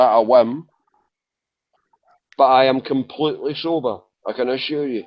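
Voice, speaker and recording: A man's voice: mid-range voice, moderate pace, long pauses, no echo. A man talking in an online voice chat, rambling and apologetic, repeating himself, woozy and drowsy from medication. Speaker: chat room panelist. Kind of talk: emotional voice chat. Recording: dull lo-fi voice chat audio.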